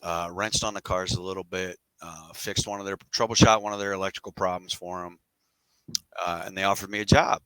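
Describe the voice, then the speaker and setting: A man's voice: low voice, fairly even intonation, a little fast, a bit bright, smooth, no echo, poor audio. A middle-aged man telling his story as a podcast guest, candid and rambling with casual slang.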